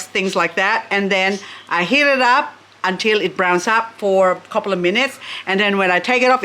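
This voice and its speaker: A woman's voice: mid-range voice, bright, forceful tone. A woman vlogging at home, chatty and gushing as she unboxes succulents and talks to her plants. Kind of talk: casual unboxing chat.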